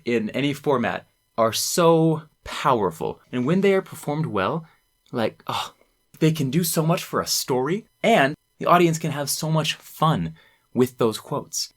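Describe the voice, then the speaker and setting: A young man, a student presenter, talking casually and enthusiastically to camera, rambling and acting out quoted lines. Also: mid-range voice. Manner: enthusiastic, rambling, quoting lines in acted voices.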